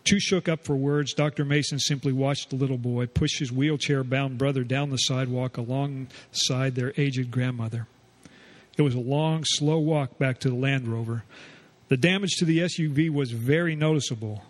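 A man co-hosting a home improvement radio show, who tells local stories in a folksy, measured way. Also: medium pitch, fairly even intonation. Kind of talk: radio storytelling and chat.

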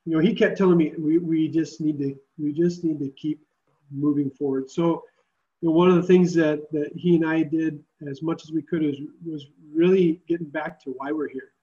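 A man's voice: fairly high pitch, steady tone, moderate pace, mellow, dull audio. A man who leads a Christian summer camp, speaking earnestly and reflectively in an interview. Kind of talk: podcast interview.

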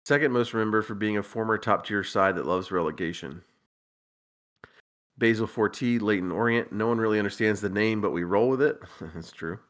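A man hosting a casual podcast, reading a listener's list aloud with wry, deadpan asides and frequent chuckles. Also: fairly low pitch, fairly quick. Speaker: podcast host.

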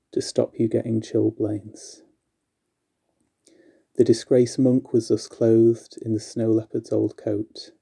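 A man reading aloud a long rhyming story poem in a measured, steady recitation. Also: lowish voice, vocal fry.

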